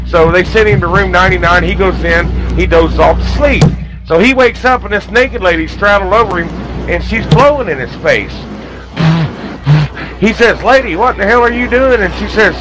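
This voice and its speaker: Guy on talk radio, kinda high voice, tells long jokes, loud hiss and traffic behind. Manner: rambling joke-telling with false starts. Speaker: radio show regular. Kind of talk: casual talk radio banter.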